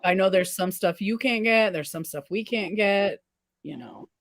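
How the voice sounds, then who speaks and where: A woman chatting casually while face painting, agreeable and relaxed, often murmuring assent. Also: mid-range voice, moderate pace, a little hiss or hum. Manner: relaxed, agreeable, many backchannels.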